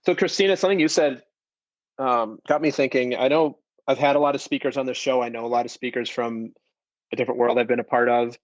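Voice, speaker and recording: Male podcast host, mid-pitched, talkative and loose, on slightly muffled audio. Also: steady tone, quick pace, no room sound. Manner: chatty, rambling with restarts. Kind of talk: casual interview chat.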